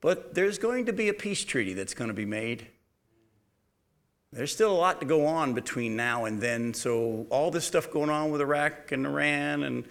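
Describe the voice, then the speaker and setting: A man preaching a verse-by-verse Bible study in a conversational way, checking in with his listeners through quick rhetorical questions and pressing hard on key points. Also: fairly high pitch, fairly bright tone. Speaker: pastor teaching a Bible study. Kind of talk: verse-by-verse sermon.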